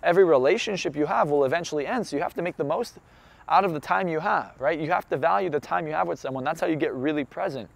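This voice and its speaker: A man's voice: on the high side, fast talker, gravelly. A young adult man, a motivational speaker, telling a personal love story in an earnest, emphatic way that builds to intense conviction.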